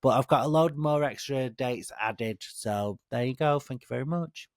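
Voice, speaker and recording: A man co-hosting a comedy podcast, an animated storyteller who acts out what people said. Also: mid-range voice, normal speed, dry recording, clean studio sound. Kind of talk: casual comedy chat.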